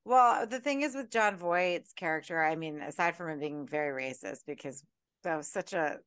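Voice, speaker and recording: A woman co-hosting a casual podcast, telling stories in an animated way with some swearing. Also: low-pitched, moderate pace, clean tone. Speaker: podcast co-host. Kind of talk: casual chat.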